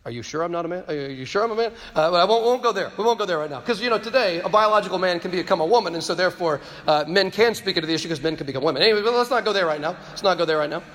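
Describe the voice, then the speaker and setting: A man's voice: high voice, very fast, hardly any pauses, fairly bright tone. A man giving an impassioned, preaching-style talk to a live audience of students, often repeating words as he presses a point. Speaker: speaker addressing students. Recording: long hall reverb.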